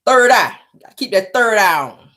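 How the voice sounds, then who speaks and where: A woman's voice: fairly high pitch, lively intonation, brisk, fairly bright tone. A woman hosting her own show, giving blunt, profane, sassy gossip commentary. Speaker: host.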